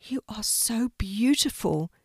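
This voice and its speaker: A woman voicing an excited, sweet little girl in a storybook, eager and breathless. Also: fairly low pitch, a little slow, no echo, studio quality. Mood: delighted. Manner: eager, wide-eyed and breathless.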